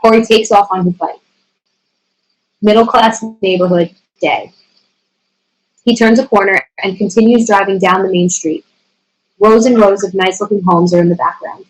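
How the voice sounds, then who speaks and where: A woman's voice: mid-range voice, steady tone, normal speed, long pauses, low-quality recording. A woman steadily reading the stage directions aloud at a screenplay table reading.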